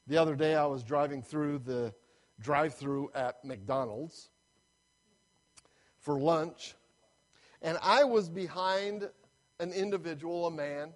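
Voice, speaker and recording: Animated storytelling pastor, man. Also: on the high side. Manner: animated storyteller, acting out voices of people in his story. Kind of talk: sermon storytelling.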